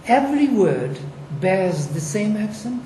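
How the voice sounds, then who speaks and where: An emphatic speaker lectures on a panel, throwing in rhetorical questions to drive each point home. The voice is dark and mellow. It rings in an echoey room over a faint hiss. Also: mid-range voice, big pitch swings, a little slow. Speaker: lecturer on Vedic recitation. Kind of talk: panel discussion explaining.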